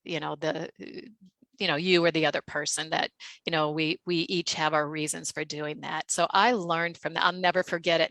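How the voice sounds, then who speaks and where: A woman's voice: low voice, a bit bright, no room sound, rough recording. A woman guest telling a story in casual chat, full of fillers and acted-out quotes. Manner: chatty, many fillers, acts out quotes.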